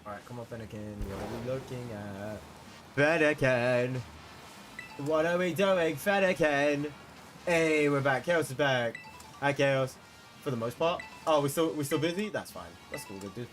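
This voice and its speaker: A man's voice: medium pitch, fairly quick. A young man streaming a game live, talking to his chat and repeating himself as he gets worked up. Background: background music.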